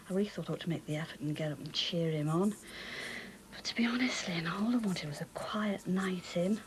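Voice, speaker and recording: An actress playing a tired, low-spirited middle-aged mother who speaks in a subdued, breathy way, with a Northern English accent. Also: slight background noise, close to an everyday voice, rough recording.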